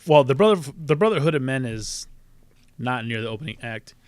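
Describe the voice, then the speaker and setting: A man reminiscing with friends in a relaxed conversation. He jokes and drops references often. His voice sounds close and dry, with little room around it. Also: mid-range voice, brisk, smooth, dry recording. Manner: joking, quotes references, laughs. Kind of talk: casual chat among friends.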